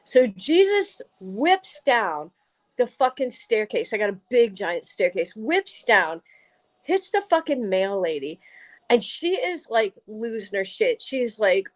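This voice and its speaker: A woman guest on a podcast telling a story in casual chat, animated and full of swearing. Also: on the high side, measured pace.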